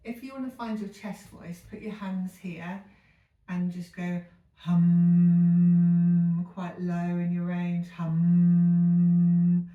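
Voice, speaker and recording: A woman teaching a singing lesson, explaining calmly with frequent ums and demonstrating exercises herself. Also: on the low side, narrow, tinny audio. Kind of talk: vocal technique lesson with sung demonstrations. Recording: echoey room, voice a bit far from the mic, piano faintly behind.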